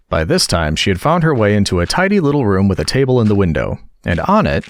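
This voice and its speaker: A man reading a children's classic aloud as a calm storybook narrator, gentle and measured. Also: on the low side, no room sound, clean studio sound. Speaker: audiobook narrator.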